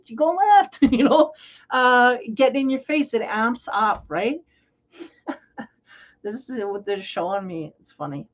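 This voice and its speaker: A woman's voice: medium pitch, highs cut off. A woman tarot reader giving a casual spiritual reading in a rambling, playful, conversational way.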